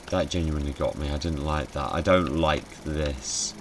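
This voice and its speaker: A man with a very low, deep voice gives loose, sarcastic commentary while playing a game. He swears freely and jumps at anything spooky. A faint hiss sits under his voice. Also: moderate pace, few pauses. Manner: sweary, sarcastic, easily startled. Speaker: game streamer. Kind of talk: casual gameplay commentary.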